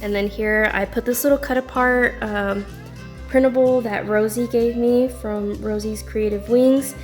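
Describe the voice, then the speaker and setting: A woman's voice: on the high side, steady tone, a little slow, faint music behind. A woman casually chatting through a craft journal flip-through, bubbly and often laughing as she tells a little story. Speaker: craft video creator.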